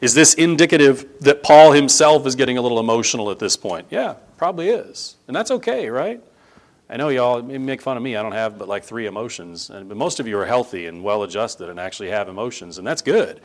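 A man preaching a sermon in a conversational style that builds to emphatic, animated stress. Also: medium pitch, fairly quick. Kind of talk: sermon teaching.

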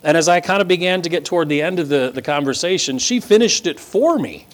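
Male pastor, sermon from the pulpit, voice a touch high, emphatic list-building delivery. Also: fast talker. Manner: emphatic, building rhetorical lists. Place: church sanctuary before a congregation.

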